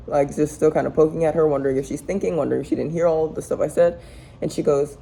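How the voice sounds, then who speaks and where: Creaky-voiced woman telling a rambling story. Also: sits low, steady tone, fast talker, dark tone, a little hiss or hum, rough recording. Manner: chatty, rambling, filler-heavy. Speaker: family vlogger. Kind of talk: casual storytime chat. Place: home kitchen while cooking.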